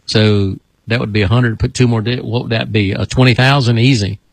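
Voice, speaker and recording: A man's voice: mid-range voice, steady tone, a little fast, vocal fry, breathy edge, no room sound, low-quality recording. A man preaching as a deliverance minister on a broadcast, repeating commands for spirits to come out in a folksy, rambling way. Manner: repetitive commanding exorcism chants.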